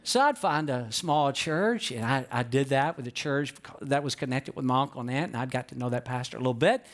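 A man's voice: medium pitch, fairly quick. A man in his thirties, from Atlanta, preaching a sermon with personal stories and call-and-response to his congregation. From Atlanta, Georgia. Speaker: pastor.

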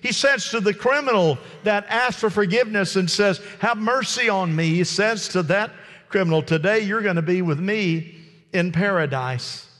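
High-voiced preacher in a reverberant church. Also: male voice, moderate pace, a bit bright. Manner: impassioned preaching with dramatic quoted speech. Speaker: pastor. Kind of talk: sermon.

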